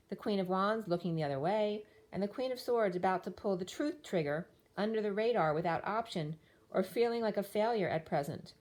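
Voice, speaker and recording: A woman's voice: medium pitch, a little mellow. A woman giving a tarot reading, listing card meanings in loose fragments while losing her voice. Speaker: tarot reader.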